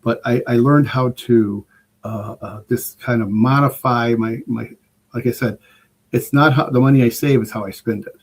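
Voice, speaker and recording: Older man, podcast guest, rambling enthusiastic storyteller, casual, average pitch. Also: steady tone, normal speed. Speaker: guest preparedness expert.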